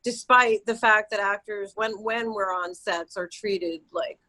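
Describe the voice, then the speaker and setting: A woman in her fifties with a New York accent, a tired actress chatting as a guest, animated and jumping between thoughts. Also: mid-range voice, a little slow. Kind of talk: casual interview chat.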